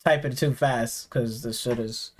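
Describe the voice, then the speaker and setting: A man's voice: mid-range voice, steady tone, measured pace. A man streaming games, ranting sarcastically and profanely, rambling with many fillers in an exasperated tone. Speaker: gaming streamer.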